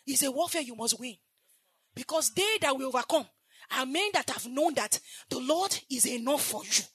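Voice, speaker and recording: A woman preacher delivering a sermon, swinging from loud shouted exhortation to soft, hushed confession and repeating phrases for emphasis. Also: sits high, dry recording.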